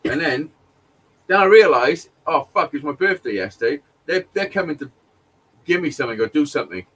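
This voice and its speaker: Bright, sweary rambling male storyteller. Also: on the high side, animated, brisk, breathy edge, recorded from a distance, poor audio. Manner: rambling, sweary, laughs often, frequent restarts. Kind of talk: casual storytelling chat.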